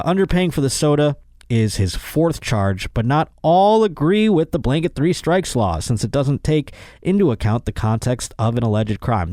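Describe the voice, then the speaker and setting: A man's voice: medium pitch, darkish tone, no echo, studio quality. A young man hosting a comedic news podcast, reading odd crime stories and riffing on them with sarcastic, exasperated asides. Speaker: podcast host.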